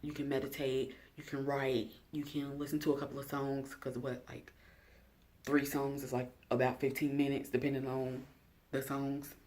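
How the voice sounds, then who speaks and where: A woman's voice: a bass voice, little pitch movement, normal speed, a little mellow. Chatty woman vlogger asking viewers questions. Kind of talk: casual self-care check-in talking to camera.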